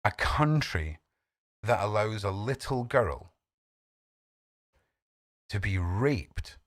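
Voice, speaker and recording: Over faint background music, a low-pitched man hosts a casual livestream, bluntly cursing and greeting chat members by name. The audio is dry and clean, studio quality.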